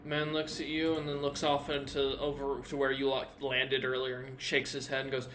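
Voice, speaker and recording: A man narrating as game master of a tabletop role-playing game, with halting, filler-heavy narration. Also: medium pitch, monotone, fairly bright tone, roomy sound, slight background noise.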